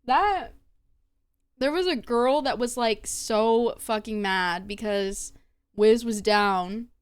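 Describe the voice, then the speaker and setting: A woman's voice: fairly high pitch, takes it slowly, smooth. A young woman streamer chatting casually and gossiping, swearing freely as she talks. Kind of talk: casual live-stream chat.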